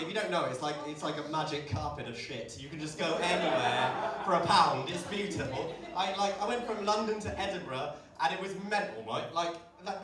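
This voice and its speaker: A man doing a stand-up comedy set in a pub, chatting with the crowd, swearing often and checking in with "right?" as he tells his stories. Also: high-pitched. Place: comedy pub stage before a live audience. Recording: echoey pub room, distant mic, audience laughter.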